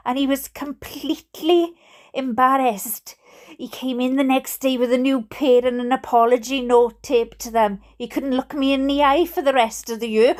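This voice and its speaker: A woman's voice: sits high, a little mellow. A Welsh woman reading funny stories aloud, with chatty, giggly, mock-indignant asides. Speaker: storyteller reading viewer stories.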